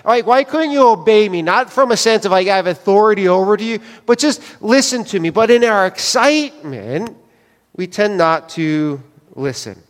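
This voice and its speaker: A man's voice: sits high, lively intonation, moderate pace, in a large hall. A man preaching a sermon as pastor, chatty and joking with the congregation, walking around with a wireless mic. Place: church sanctuary. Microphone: wireless mic, moving around.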